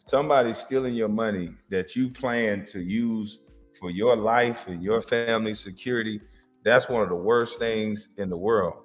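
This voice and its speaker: Animated man reacting, echoey hall. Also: fairly low pitch, moderate pace, faint music behind. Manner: animated, laughing, swings from loud to muttered. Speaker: reaction video host. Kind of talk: casual reaction commentary.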